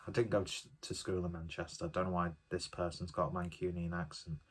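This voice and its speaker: A man's voice: low-pitched, level tone, fast talker, slightly rough. A man giving a casual solo beer review, chatty and enthusiastic, often rambling off on tangents.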